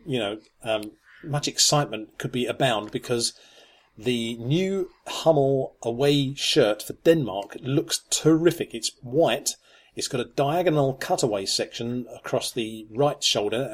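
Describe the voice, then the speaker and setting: A man co-hosting a podcast, talking in a measured way with many ums and dry humour. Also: medium pitch. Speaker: podcast co-host. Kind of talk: casual chat.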